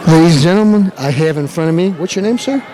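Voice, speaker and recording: Over a loud crowd, a man with a high-ish voice talks fast as he hosts his show. He hypes the event and interviews people in an animated, playful, hammy hype-man style.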